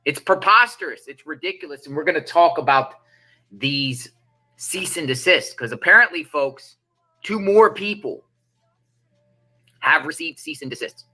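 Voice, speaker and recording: A man hosting a live stream, giving fast, emphatic, indignant commentary. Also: on the high side, animated, sharp tone, rough recording. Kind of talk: ranting commentary.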